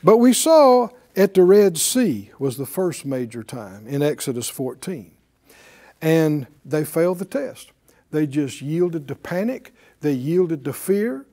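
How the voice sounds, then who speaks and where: High-voiced, animated male Bible teacher. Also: slow pace. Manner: folksy and animated, chuckles often, leads the class in repeating lines. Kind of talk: preaching-style Bible lesson with call-and-response.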